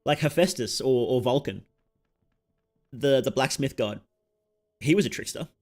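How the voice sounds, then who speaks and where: An Australian game streamer with an expressive, unhurried, somewhat dark-toned mid-range voice chats away casually. His rambling keeps getting interrupted by his own asides about the action.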